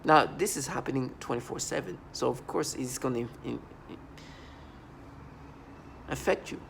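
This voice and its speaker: Gravelly man with a halting, agitated delivery. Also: medium pitch, a little hiss or hum. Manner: halting, with frequent restarts and broken-off words; earnest and agitated. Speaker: vlogger. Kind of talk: personal video monologue.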